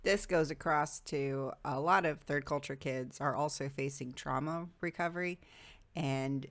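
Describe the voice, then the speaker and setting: A woman vlogger talking to her viewers in a casual, reflective monologue, thinking aloud and pausing often on "um". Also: low-pitched.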